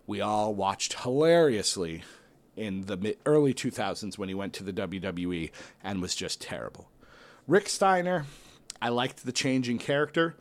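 A man casually commentating and thinking aloud while ranking tag teams, weighing options with excited outbursts and playful asides. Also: lowish voice, normal speed. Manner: self-deprecating, playful asides. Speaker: host ranking a wrestling tag team bracket.

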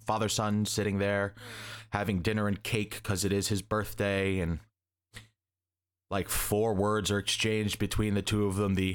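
A man's voice: on the low side, little pitch movement, a little slow, clear, resonant tone. A young man in casual chat, rambling and joking as he recaps a story and acts out the characters' lines. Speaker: podcast co-host recapping a comic.

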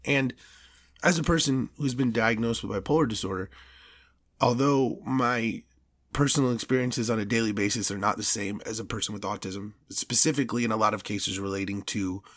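A man's voice: on the low side, brisk, fairly bright tone, dry recording. A man hosting a solo podcast, ranting with passion and stammering into restarts when he gets worked up. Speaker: podcast host. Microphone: studio podcast mic.

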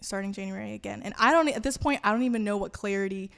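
A woman's voice: mid-range voice, fast, gravelly, clean tone. Casting note: woman guest, candid and chatty, shares a personal faith story on a podcast. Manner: candid, laughing, frequent fillers. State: voice cutting out. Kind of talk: personal testimony interview.

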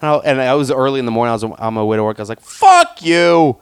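A man's voice: medium pitch, fairly even intonation, racing, clear, resonant tone, no room sound. A man, co-hosting a podcast, joking and rambling in casual chat.

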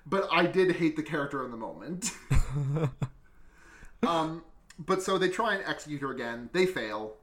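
A man's voice: fairly high pitch, normal speed, pauses often, echoey room, a little hiss or hum. A male podcast host recapping a movie in a casual, profane, giggly way. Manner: profane, giggly, animated retelling.

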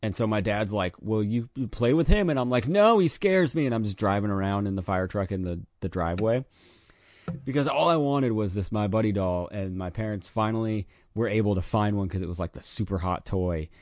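Lively storytelling man with a low voice. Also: a little fast, no room sound, studio quality. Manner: animated storyteller, acts out his younger self in loud high bursts. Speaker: podcast co-host telling a childhood story. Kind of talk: casual chat.

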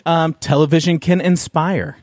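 A man's voice: on the high side, steady tone, measured pace, darkish tone, no echo. Casting: casual podcast host, man from Canada, rambling delivery, dry close mic. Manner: rambling, lots of fillers, laughs easily. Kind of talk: casual comedic chat.

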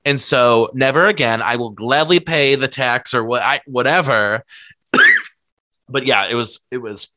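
A man's voice: mid-range voice, measured pace, pushed and bright. A man telling stories in casual chat, rambling and packed with filler words. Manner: laughs while telling stories.

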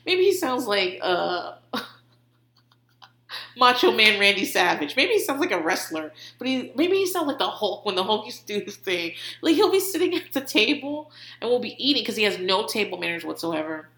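A woman's voice: medium pitch, sing-song, moderate pace, fairly bright tone. A woman host giving a casual comedic recap, swearing freely and laughing often as she talks. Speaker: podcast host. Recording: roomy echo.

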